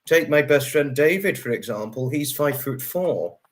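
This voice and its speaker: A man's voice: fairly high pitch, animated, normal speed. A man hosting a casual livestream, chatting with a guest and reading out viewer comments. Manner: chatty, repeats phrases, talks to chat viewers. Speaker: livestream host. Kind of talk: casual chat.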